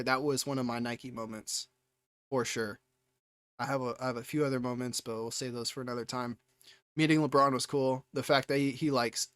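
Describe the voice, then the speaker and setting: A young man streaming live, telling a story in a rambling, excitable way, with many restarts and casual swearing. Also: mid-range voice, dry recording.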